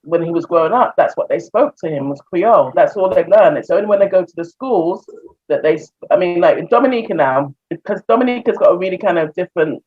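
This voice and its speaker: A woman with an English accent chats casually as an interview guest, often laughing and acting out little exchanges. Her voice is slightly husky. The recording sounds dull and lo-fi. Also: on the low side, expressive, fast talker. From England. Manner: chatty, laughs often, acts out conversations. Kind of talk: casual video-call interview. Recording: muffled lo-fi audio.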